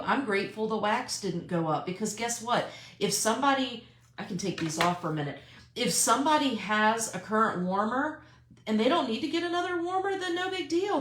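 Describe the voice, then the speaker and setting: A woman's voice: medium pitch, fairly bright tone, echoey room. A woman talking casually and emphatically to her sales team in a live video from her car, repeating her key points. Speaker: direct sales team leader.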